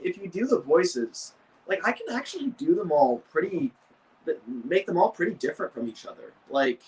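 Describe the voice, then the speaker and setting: A man's voice: medium pitch, recorded from a distance, rough recording. A young man hosting a model-building video, chatting casually and rambling with frequent restarts. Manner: rambling, many fillers and restarts. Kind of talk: casual chat.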